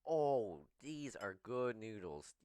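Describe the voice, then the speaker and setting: A man hosting a casual eating vlog, talking between bites in a slow, playful way and pushing viewers to subscribe. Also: lowish voice, sing-song, mellow, clear, resonant tone, no echo. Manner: talks while chewing, slow and playful, begs for subscribers. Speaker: mukbang vlogger.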